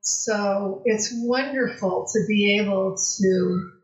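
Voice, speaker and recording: A woman hosting an interview, asking questions in a measured, supportive way. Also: medium pitch. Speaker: podcast host. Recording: echoey, dull remote audio.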